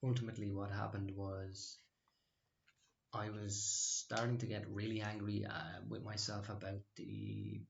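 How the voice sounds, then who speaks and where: A man's voice: fairly low pitch, level tone, unhurried, creaky, echoey room, lo-fi sound, slight background noise. A man casually talking through his stock trades, rambling and hesitant with many fillers and restarts. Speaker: stock trading channel host. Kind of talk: casual screen-share trading recap.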